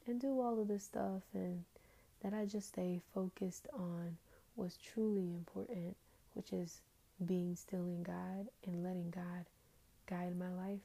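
A woman's voice: on the low side, fairly even intonation, measured pace, vocal fry, mellow. A tired woman hosting a casual, rambling faith talk, trailing off into fillers.

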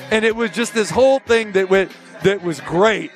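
A middle-aged man hosting a sports talk show, telling a rambling, animated story in casual chat. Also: sits high, moderate pace, gravelly, few pauses, soft background music. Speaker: host.

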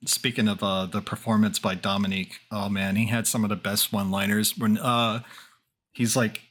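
Bright-voiced joking man. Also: lowish voice, level tone, normal speed. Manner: swearing, joking, laughs a lot. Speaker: podcast host. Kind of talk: casual chat.

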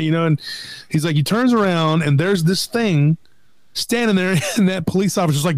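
Middle-aged man, fairly high voice, dry close mic, animated storyteller on a podcast. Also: fairly quick, no echo. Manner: animated retelling, acts out quoted voices. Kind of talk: casual storytelling chat.

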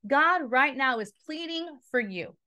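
A woman with a slightly high voice gives a devotional Bible teaching. She is earnest and emphatic and speaks straight to her listeners. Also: lively intonation, a little slow, sharp tone. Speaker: podcast host and Bible teacher.

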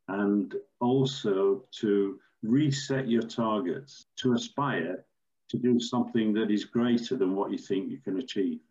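An older man, a former referee, telling stories in a measured, storytelling way with some fillers. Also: lowish voice, a little mellow, lo-fi sound. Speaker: former football referee, podcast guest. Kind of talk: anecdotal interview answers.

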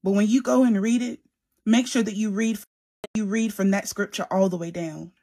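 A woman giving a personal religious testimony, earnest and emphatic, often soft and subdued, and repeating key phrases for weight. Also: mid-range voice, steady tone, moderate pace. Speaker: believer sharing a prophetic message.

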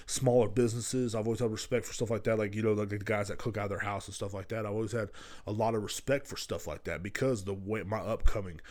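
A man's voice: fairly low pitch, steady tone, quick pace, a little mellow. A young man talking alone on his own podcast, cussing constantly and wandering off topic from story to story. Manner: profane, loose, jumps between stories. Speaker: podcast host. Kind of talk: solo rambling podcast monologue.

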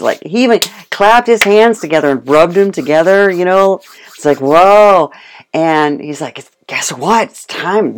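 A guest in casual chat who tells stories with animation, laughs often and acts out what other people said. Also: mid-range voice. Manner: animated storytelling, acts out quotes. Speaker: guest speaking on homemade dog food.

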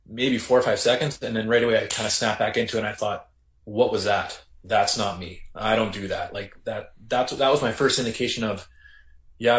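Canadian man, reflective, low voice in roomy echo. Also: a bit bright. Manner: reflective, halting with many restarts. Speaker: podcast guest, former correctional officer. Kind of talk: casual storytelling interview.

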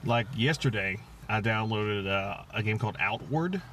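A man's voice: lowish voice, expressive, moderate pace, a bit bright. A man co-hosting a casual podcast, rambling and self-mocking, often trailing off mid-thought. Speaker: podcast co-host. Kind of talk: casual chat. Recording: lo-fi podcast with faint hiss.

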